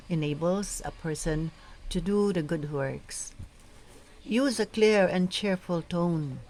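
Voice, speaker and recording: A woman coaching lectors and reading scripture aloud in a slow, measured, deliberate way. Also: fairly low pitch, a little mellow, slight background noise, poor audio. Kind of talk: scripture reading and proclamation tips.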